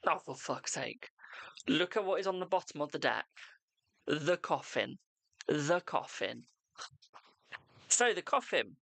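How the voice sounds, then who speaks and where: Gravelly, chatty tarot host. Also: medium pitch, big pitch swings, a little slow, pauses often, fairly bright tone, dry recording. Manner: chatty, swears freely, self-mocking. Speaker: tarot reader and live stream host. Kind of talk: casual live stream chat.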